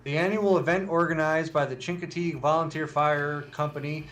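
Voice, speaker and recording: A man's voice: a little high, fairly even intonation, a little fast, a bit bright, a little hiss or hum. A man reading out quirky news stories on a casual show, stumbling and joking along the way. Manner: reads articles, stumbles and restarts, jokey asides. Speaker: news segment reader. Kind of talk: casual news read on a podcast.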